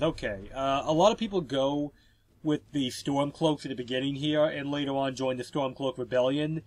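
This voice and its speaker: A man's voice: mid-range voice, normal speed, darkish tone. A man with a stuffy, congested voice from a cold, chatting casually and explaining gameplay as he narrates a walkthrough. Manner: chatty, explanatory, with filler words. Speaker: video game walkthrough narrator.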